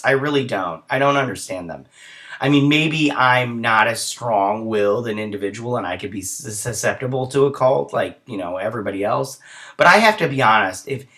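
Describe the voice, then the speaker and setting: A man's voice: medium pitch, bright, forceful tone. A man hosting a casual TV episode recap, rambling along and briefly acting out the characters. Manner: rambling, acts out characters in quick voices; chatty with lots of fillers like "he's like". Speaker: show host reviewing a TV episode.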